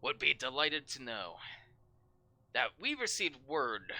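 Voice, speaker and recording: A man voicing a gruff, angry middle-aged sergeant who barks threats and curses at his crew. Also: mid-range voice, very animated, moderate pace, bright, forceful tone, dry recording. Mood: menacing. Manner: barking, threatening, cursing.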